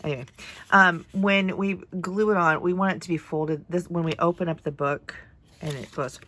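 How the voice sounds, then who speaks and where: A woman's voice: fairly low pitch, fairly even intonation, normal speed, a bit bright. A woman in her forties, a first grade teacher, chatting casually through a paper craft tutorial, nasal and congested after a cold, thinking aloud as she measures and folds.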